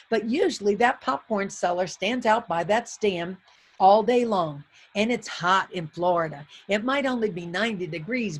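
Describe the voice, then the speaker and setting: A woman's voice: mid-range voice, breathy edge. A middle-aged woman giving a comedic motivational keynote. She tells exuberant stories and hammers her points home with punchy repetition.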